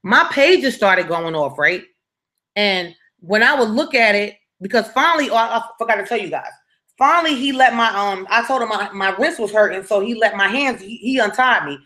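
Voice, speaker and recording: Young woman spilling a story time, slangy, keeps asking you feel me, bright tense voice. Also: mid-range voice, lively intonation, normal speed. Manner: slangy, conversational, asks listeners if they follow. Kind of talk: casual storytelling to camera.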